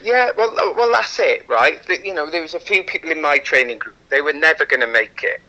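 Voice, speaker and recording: Welsh man, radio interview guest, frank, animated, very bright timbre. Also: fairly high pitch, brisk, muffled recording. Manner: animated, frank, repeats "you know". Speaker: guest athlete.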